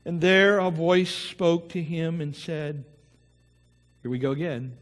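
A male pastor delivers a sermon at an unhurried pace, his voice sitting a little high. He reads scripture aloud, drops in his own asides and prays softly. The sound rings with the long reverb of a church sanctuary.

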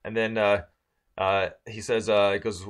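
A man's voice: fairly low pitch, little pitch movement, a little slow, smooth. A man from Michigan telling a casual story on a podcast, rambling with many fillers and restarts.

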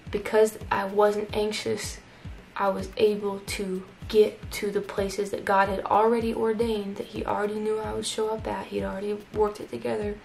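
A woman's voice: medium pitch, little pitch movement, moderate pace, gravelly, hardly any pauses, a little mellow, soft background music, rough recording. A young woman telling a personal story in a casual vlog, chatty and full of "like" fillers. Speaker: YouTuber.

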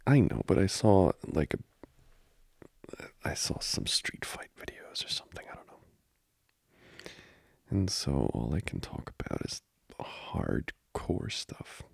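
A young man voicing a needy, playful boyfriend in a whispered role-play, speaking in soft, intimate whispers broken by giggles. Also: rumbling low, huge pitch swings, takes it slowly, creaky, pauses often, slightly rough, no room sound, clean studio sound, exaggerated voice. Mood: clingy, cozy. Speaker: ASMR role-play creator.

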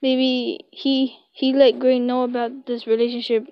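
A young woman reading a web story aloud in slow, halting English, recorded on a close, dry home mic. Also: on the high side, flat delivery, smooth, dry recording, lo-fi sound. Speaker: story reader.

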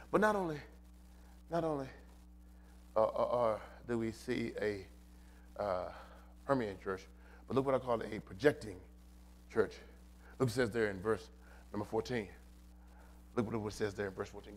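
A man's voice: fairly low pitch, brisk, long pauses. A pastor preaching a sermon in a church, building rhythmic repeated refrains and calling out to his congregation. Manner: impassioned preaching with rhythmic repetition and calls to the congregation.

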